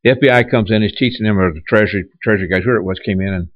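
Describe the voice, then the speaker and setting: Male pastor, low voice, dry and slightly muffled sound, conversational preaching style. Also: rapid-fire, no room sound. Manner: conversational preaching with repeated restarts and rhetorical questions. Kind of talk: sermon.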